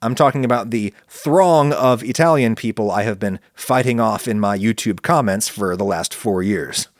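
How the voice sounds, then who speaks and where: A man hosting a podcast, making his case to listeners in an animated, argumentative monologue. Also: dry recording, studio quality. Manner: animated, argumentative, swings pitch for emphasis. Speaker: podcast host answering listener questions. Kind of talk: casual spoken monologue.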